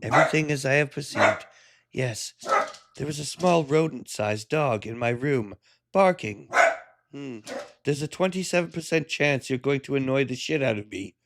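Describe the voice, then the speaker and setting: A man's voice: medium pitch, moderate pace, very noisy, close to an everyday voice. A man voicing a smug, condescending male robot AI that speaks in precise, superior tones and quotes odds. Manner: precise, superior, calculating percentages.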